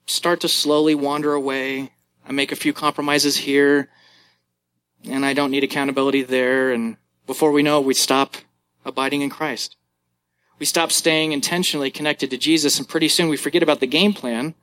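A man's voice: a little high, a bit bright. A pastor in his thirties preaching a sermon, conversational and telling family stories.

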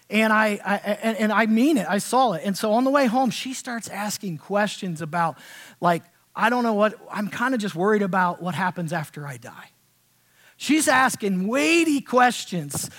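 A man pastor preaching a conversational sermon in a church, dropping to hushed tones and rising to loud, emphatic passages. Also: sits high. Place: church sanctuary.

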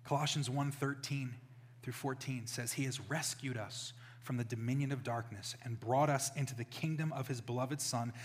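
A man preaching a sermon as pastor, telling stories with loud exclamations and quiet asides. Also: on the high side. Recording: reverberant hall.

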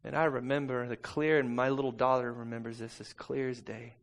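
Gravelly-voiced preacher man. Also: medium pitch, level tone, fairly quick. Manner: dynamic, swings from soft to loud. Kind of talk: sermon with personal story.

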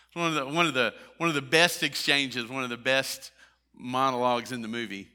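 A man's voice: medium pitch, a little fast, bright, forceful tone. A man preaching a sermon in a conversational way, with many fillers and restarts. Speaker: pastor.

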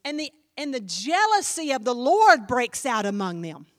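High-voiced woman pastor preaching. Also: moderate pace. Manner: animated, emphatic, addresses the congregation directly. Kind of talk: sermon.

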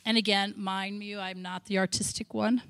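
A woman's voice: mid-range voice, level tone, normal speed, gravelly, fairly bright tone, dry recording. A middle-aged woman missionary from the United States preaching in a church service, candid and self-deprecating, acting out her own past prayers. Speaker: missionary speaker. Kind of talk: sermon.

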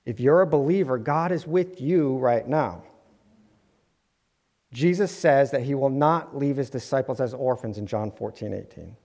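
A preacher with a mid-range, slightly mellow voice gives an earnest sermon at a moderate pace, sprinkling in light humor for his congregation. The church sanctuary lends the recording a long hall reverb.

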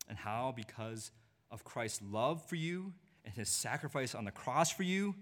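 A male preacher delivering a sermon at a mid-range pitch. He sinks to a hushed, low murmur for solemn points. He climbs higher and louder, almost pleading, when he speaks the words of a guilty sinner. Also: lively intonation, unhurried. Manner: swings from hushed low delivery to raised, pleading voice in quoted lines.

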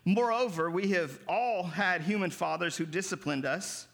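A man's voice: high-pitched, moderate pace, creaky. A man preaching a sermon as pastor, explaining Greek words with emphasis.

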